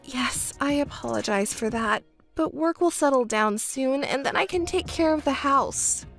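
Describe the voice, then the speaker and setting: A woman's voice: sits high, expressive, measured pace, fairly bright tone, soft background music, full character voice. A woman voicing a young overworked fiancée who pleads and argues back defensively. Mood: pleading. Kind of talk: texting story voice acting.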